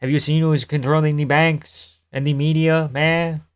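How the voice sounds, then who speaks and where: A man impersonates an excitable French-Canadian fighter with a thick Quebec French accent, pitched noticeably higher than his normal voice. He fires off incredulous rhetorical questions and tags nearly every line with "man". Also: moderate pace, clear, resonant tone, close to an everyday voice.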